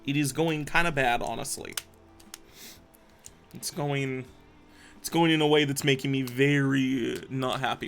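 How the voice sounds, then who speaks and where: A man's voice: medium pitch, fairly even intonation, measured pace, vocal fry, long pauses, a bit bright. A young man on a live stream who mutters to himself and swears often. He is stressed and frustrated while he builds something by hand. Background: faint background music.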